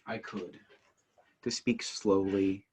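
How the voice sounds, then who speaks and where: A man who teaches family life, talking casually to the camera in an earnest, eager way while working to keep his pace slow and calm. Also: deep voice, breathy edge. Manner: earnest, eager, works at speaking slowly and calmly; frequent fillers and restarts as energy rises. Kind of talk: casual instructional talk to camera.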